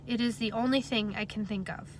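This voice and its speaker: A woman voicing a young boy servant who speaks in a soft, earnest way. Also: medium pitch, fairly even intonation, brisk, slight background noise, lightly acted. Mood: soft, sad.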